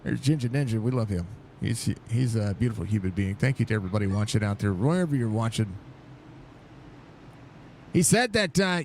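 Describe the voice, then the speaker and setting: Man, young adult, laid-back live race caller and chat host, middle pitch, slight hiss behind. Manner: chatty, greets viewers by name between race calls; excited outbursts at crashes. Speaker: sim racing league commentator and streamer. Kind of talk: casual live-stream race commentary.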